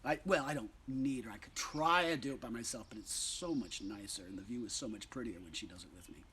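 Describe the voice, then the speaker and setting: A man's voice: mid-range voice, fast talker, slight background noise. A man performing a livestream concert, singing and chatting playfully, laughing easily, with rambling asides. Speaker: singer-songwriter. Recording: loud acoustic guitar behind voice.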